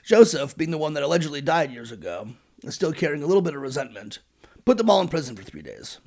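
A sarcastic man narrates with irreverent, foul-mouthed asides. His voice is gravelly and husky, slightly higher than most. It swings widely in pitch as he jokes. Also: sing-song, fast talker, a little mellow. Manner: sarcastic, profane. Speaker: podcast host.

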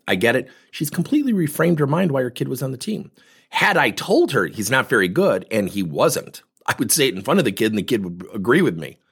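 A man who coaches and trains people in workplace talk, telling stories in an animated way and acting out the dialogue. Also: on the low side, slightly rough.

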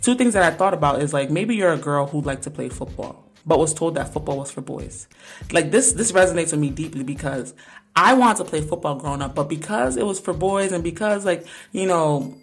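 A young adult woman speaks casually on her own podcast in a slightly low voice. She sounds earnest and conversational, often dropping in "like" and "right?" as she talks about her work as a teacher. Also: lively intonation, a little fast, husky.

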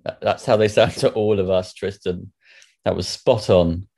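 A man's voice: low-pitched, steady tone, moderate pace, creaky, dark tone. A man hosting a comic game show with dry, wry remarks. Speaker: quiz host.

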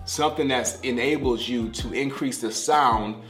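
A man's voice: medium pitch, normal speed, a bit bright, reverberant, faint music behind. A middle-aged man giving a podcast devotional sermon, talking like a conversation and repeating key phrases for emphasis. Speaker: pastor.

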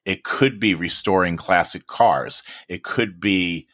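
A man's voice: deep voice, slow pace, a bit bright. A man hosting a podcast in a loose, chatty way, swearing casually. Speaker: podcast host.

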